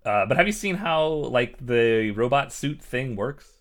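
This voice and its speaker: A man's voice: mid-range voice, lively intonation, measured pace. A young man co-hosting a podcast in casual chat, dry and hesitant, often trailing off. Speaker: podcast co-host.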